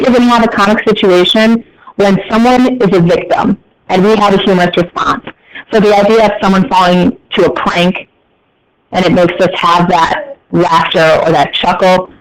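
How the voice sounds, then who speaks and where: An American man teaches a class in a fairly high voice, chatty and quick to throw in joking asides for his students. A steady hiss of noise runs under the recording. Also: low-quality recording. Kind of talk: classroom lecture.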